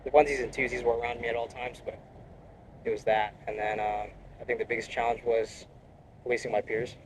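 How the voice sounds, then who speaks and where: A man's voice: mid-range voice, flat delivery, a little fast, slight background noise, rough recording. Blunt, profane young man. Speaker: interviewee, Marine reservist. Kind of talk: casual interview.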